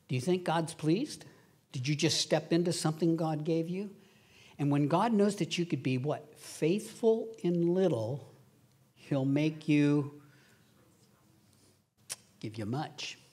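A middle-aged male pastor preaching a lively sermon, acting out voices in his stories. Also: a little high, slightly rough. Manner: animated, acts out quoted voices, laughs at his own stories.

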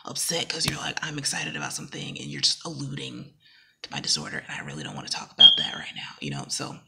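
A woman vlogger talking casually to camera, rambling and animated, now and then dropping into a whisper. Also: extremely low pitch, fast talker, creaky. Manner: rambling and animated, acting out quoted dialogue; drops into whispers at times.

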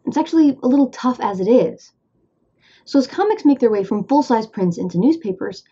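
A woman with a Midwestern American accent walks through a scripted explainer in a playful, upbeat way, tossing in little asides. Her voice sits mid-range with a warm, mellow tone, and the recording sounds slightly dull and lo-fi. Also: on the high side, breathy edge. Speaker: host.

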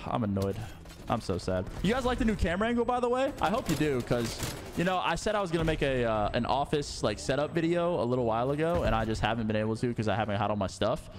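A young man commenting on his own first-person shooter game play, excitable, mumbling when tense and yelling when things go wrong. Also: medium pitch, fast talker. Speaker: gaming YouTuber. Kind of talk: live gameplay commentary. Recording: game gunfire and music underneath. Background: game gunfire and music.

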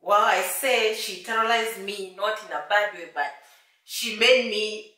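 A woman's voice: medium pitch, unhurried. Laughing woman telling her story, echoey room. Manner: animated, laughs often, acts out quoted voices. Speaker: interview guest. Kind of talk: casual interview storytelling. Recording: echoey room, mic at a distance.

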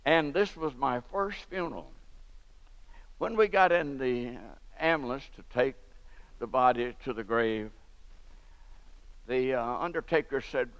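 In a church sanctuary, an older pastor preaches through stories with fervent emphasis, building to emphatic peaks. His mid-range voice is animated and a bit bright, a little slow, with vocal fry and long pauses. The church recording is dull and lo-fi, with long reverb.

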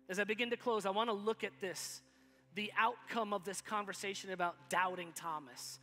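A man with a high, bright, ringing voice preaches a sermon in a casual, playful way. He jumps into quick acted-out bits of dialogue to make his points, and his voice carries a long church reverb. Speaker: pastor. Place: church sanctuary.

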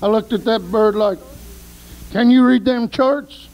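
A man preaching a sermon, telling folksy stories and shouting praise. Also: extremely high pitch, fairly even intonation, unhurried, muffled recording.

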